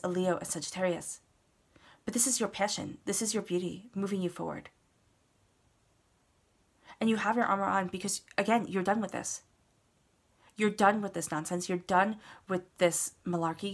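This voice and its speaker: A woman giving a casual, earnest tarot reading, talking straight to the listener and repeating words for emphasis. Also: medium pitch. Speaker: tarot reader.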